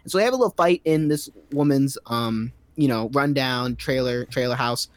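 A man's voice: mid-range voice, normal speed, dry recording. A man giving a rambling, sarcastic recap of a movie's plot in a casual comedic style, full of fillers.

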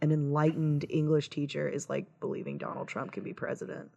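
A woman's voice: low-pitched, expressive, fairly quick, gravelly, a little mellow. A woman co-hosting a casual movie-review podcast, talking scenes through in a wry, analytical way. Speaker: podcast co-host.

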